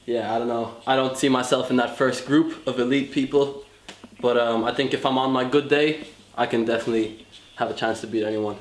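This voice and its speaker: A man's voice: mid-range voice, fairly even intonation, a little fast. A young man talks casually and rambles with lots of fillers in a documentary interview about his sport. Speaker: freestyle footballer. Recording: roomy echo.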